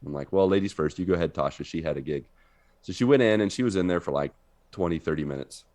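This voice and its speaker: A man co-hosting a podcast, telling an animated story in casual chat and laughing often. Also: low-pitched. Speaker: podcast co-host. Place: living in Brazil.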